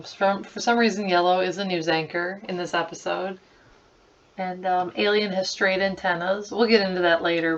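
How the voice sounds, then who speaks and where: A woman's voice: fairly low pitch, far from the mic. A woman around thirty giving chatty, giggly commentary over a screen recording of her old slideshows, full of "like" fillers. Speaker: creator revisiting her childhood slideshows. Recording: slightly muffled lo-fi recording.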